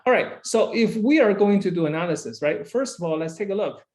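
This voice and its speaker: Man, university lecturer, classroom lecture, repeats himself, keeps asking "right?", fairly high-pitched. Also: animated, fairly quick, darkish tone. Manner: repeats key phrases, tags lines with "right?".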